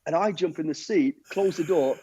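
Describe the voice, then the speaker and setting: Lively middle-aged storyteller. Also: male voice, fairly high pitch, moderate pace, slightly rough. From United Kingdom. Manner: lively storyteller, repeats words, acts out quotes. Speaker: guest, former soldier and bodyguard. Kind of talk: anecdotal storytelling.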